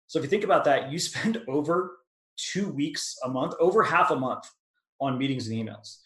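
A man's voice: mid-range voice, moderate pace, a bit bright, echoey room, poor audio. A man teaching product management, answering questions casually on a video call with filler words and restarts. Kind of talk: webinar Q&A answer.

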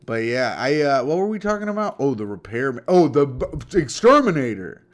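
A man's voice: mid-range voice, big pitch swings, brisk. A man co-hosting a podcast, chatting casually with crude jokes and put-on voices. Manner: crude, joking, puts on silly voices. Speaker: podcast co-host. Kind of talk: casual comedic chat.

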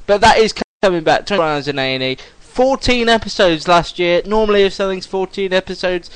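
High-pitched male co-host, eager and rambling, casual talk. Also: fairly quick, smooth, no room sound, rough recording. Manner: enthusiastic, rambling with restarts. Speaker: podcast co-host. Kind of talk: casual chat.

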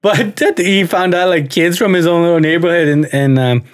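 A man's voice: a little high, moderate pace. A young man co-hosting a podcast, telling stories in casual chat, profane and laughing often. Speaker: podcast co-host.

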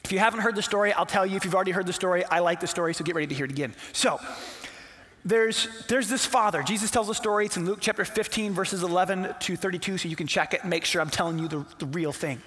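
A man's voice: high voice, fast talker, fairly bright tone. A man, a pastor, telling a Bible story in a casual, playful sermon that acts out the characters. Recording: long hall reverb.

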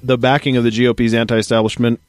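A man's voice: mid-range voice, level tone, quick pace, dry recording, clean studio sound, faint music behind. Man casually riffing on the news. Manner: reads news excerpts then jokes and laughs. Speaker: podcast co-host reading news. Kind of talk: casual podcast chat reading articles aloud.

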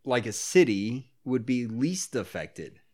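A man's voice: mid-range voice, very animated, slow pace, a little mellow. A man co-hosting a podcast, chatting casually about a movie, playful, swearing and laughing often. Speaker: podcast co-host. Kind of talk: casual movie-commentary chat.

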